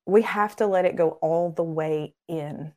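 Earnest preacherly woman, slightly low voice. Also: measured pace, darkish tone. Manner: earnest, preacherly, builds in repeated phrases; acts out quoted voices in a raised tone. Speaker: podcast guest, ministry founder. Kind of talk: faith podcast interview.

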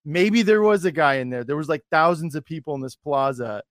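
A man's voice: a little high, fairly quick, no room sound, clean studio sound. A man hosting a podcast, telling a personal story in a loose, rambling way with many restarts. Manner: rambling, full of restarts and fillers. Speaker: podcast host.

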